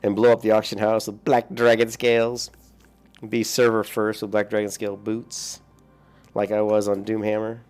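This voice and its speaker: A man's voice: lowish voice, monotone, moderate pace, a little mellow, smooth. A young adult man streaming a game, chatting casually with viewers, rambling and swearing lightly between chuckles. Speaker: gaming streamer. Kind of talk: casual gameplay chat with viewers.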